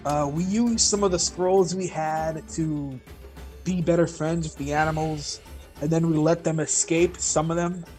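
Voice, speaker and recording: A man's voice: a little high, fairly even intonation, slow pace, pauses often, a little mellow, faint music behind. A man playing in a tabletop game, recapping in a casual, easygoing way and prone to chuckling. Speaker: player.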